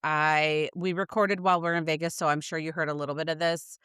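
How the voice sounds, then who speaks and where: A middle-aged woman co-hosting a podcast, telling stories in animated casual chat and swearing freely. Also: deep voice, fairly quick, clean tone, no echo, clean studio sound. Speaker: podcast co-host.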